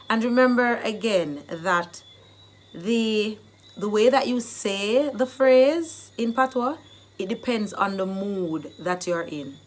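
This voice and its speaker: A woman hosting a casual video tutorial, teaching phrases and acting them out loudly. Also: medium pitch, slow. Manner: animated, acts out phrases loudly. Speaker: YouTube host teaching phrases.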